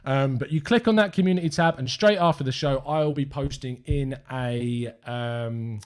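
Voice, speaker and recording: Chatty young English fan-channel host. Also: male voice, medium pitch, normal speed, clear, resonant tone. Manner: chatty and upbeat, rambling with fillers. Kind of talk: live-stream chat with viewers.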